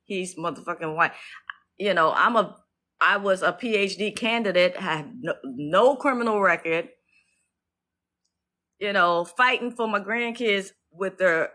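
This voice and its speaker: Forceful, blunt-talking middle-aged woman. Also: mid-range voice. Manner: blunt, profane and emphatic, with frequent restarts. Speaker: livestreamer talking about her own court case. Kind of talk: casual livestream rant.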